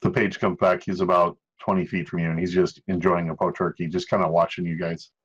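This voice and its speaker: Game master, man, fairly low voice, dry jokes, muffled lo-fi sound. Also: flat delivery, a little fast, slightly rough. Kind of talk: narrating a tabletop game. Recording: dull lo-fi sound.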